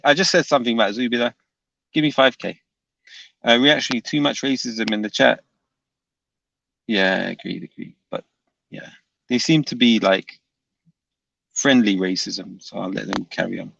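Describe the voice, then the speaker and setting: A man's voice: mid-range voice, moderate pace, gravelly, long pauses, a bit bright, no room sound. A man hosting a livestream, reading chat comments aloud and answering them with dry, unbothered banter. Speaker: livestream host. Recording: dull dry lo-fi mic.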